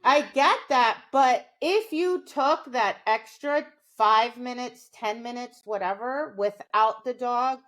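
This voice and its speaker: Podcast co-host, a woman with a slightly high voice, explanatory and chatty, tag questions throughout. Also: slow, few pauses, a bit bright. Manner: explanatory, often adds a tag "right?". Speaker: dog trainer and podcast co-host. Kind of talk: casual podcast conversation.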